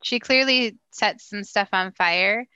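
Bright-voiced chatty woman podcaster. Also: medium pitch, clean tone, no room sound, highs cut off. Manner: chatty, puts on quick voices when quoting. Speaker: podcast co-host. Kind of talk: casual chat about a TV show.

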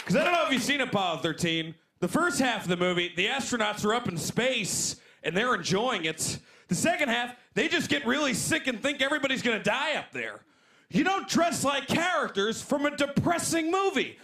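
Animated high-voiced young comedian. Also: male voice, normal speed. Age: 20s. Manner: animated, jumps into loud high put-on voices. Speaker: stand-up comedian. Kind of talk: stand-up set. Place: comedy club stage. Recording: live club recording with crowd laughter. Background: audience laughing.

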